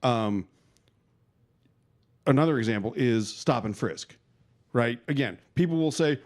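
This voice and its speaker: A man's voice: mid-range voice, expressive, unhurried, pauses often, darkish tone. A man co-hosting a podcast in casual chat, eager to jump in with his own story. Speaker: podcast co-host.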